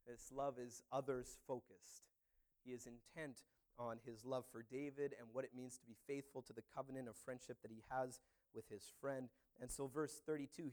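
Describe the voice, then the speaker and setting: A man's voice: medium pitch, a little mellow. A man preaching a sermon as a pastor, talking in a conversational way with many "you know"s and "uh"s.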